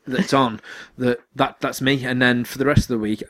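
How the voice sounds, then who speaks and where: A young man co-hosting a podcast in casual chat, excitable and rambling, with many restarts and fillers. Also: mid-range voice, fairly quick, poor audio. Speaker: podcast co-host.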